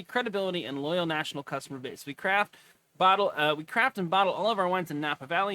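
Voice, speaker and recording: A man's voice: a little high, pushed and bright. A man hosting a casual stock video, chatting and reading a filing aloud with jokes. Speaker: host.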